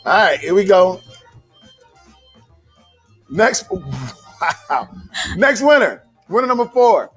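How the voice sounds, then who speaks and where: A man with a fairly high voice hosts a live charity gala and calls out the winners. He keeps it playful and jokey, often slipping into a sing-song delivery. Soft music runs underneath. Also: big pitch swings, takes it slowly, pauses often, slightly rough. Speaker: emcee and comedian. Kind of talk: live gala hosting, raffle announcing.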